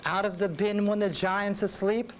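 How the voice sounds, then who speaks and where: A man voicing young Jack, speaking in a hushed whisper. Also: medium pitch, steady tone, moderate pace, a little hiss or hum, natural voice. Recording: reading with instruments playing.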